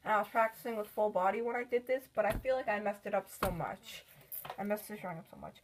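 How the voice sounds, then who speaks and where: A woman's voice: medium pitch, lively intonation, fast, a little hiss or hum. A woman chatting casually in a vlog about her sketchbook, rambling and filling with "like". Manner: rambling, with many "like" fillers. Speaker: artist showing her sketchbook.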